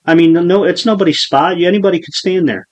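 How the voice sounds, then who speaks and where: A man voicing an agitated young man who insists on guarding his spot, repeating himself in a high, insistent voice. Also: a little fast, darkish tone, natural voice. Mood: indignant. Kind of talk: retelling a story on a podcast.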